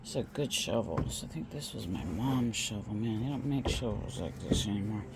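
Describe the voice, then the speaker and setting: A woman's voice: animated, moderate pace, very noisy. A woman vlogging casually from California, filming her home and garden on a phone and chatting in a rambling, talkative way. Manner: chatty, rambling, talks to pets in a high sing-song. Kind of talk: casual home tour chat. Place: home and garden, indoors and outdoors. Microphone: phone held while filming.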